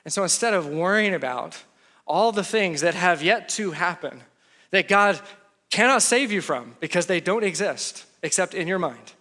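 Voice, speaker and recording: A man preaching a sermon in a bright, forceful voice pitched a little high. He talks conversationally, jokes with his listeners, and acts out quotes as he teaches. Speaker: pastor.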